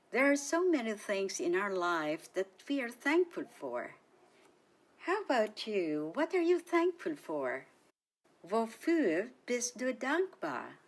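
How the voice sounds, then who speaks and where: A woman hosting a radio language lesson, speaking cheerfully in a sing-song teaching manner and slowly repeating each word for listeners. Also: medium pitch. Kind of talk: slow, clearly enunciated language lesson.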